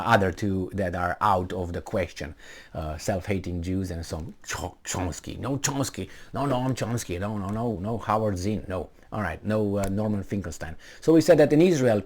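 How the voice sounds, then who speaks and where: A man's voice: lowish voice, darkish tone. A man giving casual, sarcastic commentary on a news story he reads aloud, rambling with many fillers and restarts.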